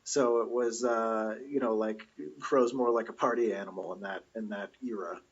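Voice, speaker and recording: A husky man in his forties, a comedian guesting on a casual podcast, who explains things in detail. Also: fairly low pitch, steady tone, moderate pace, dull audio. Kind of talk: casual chat.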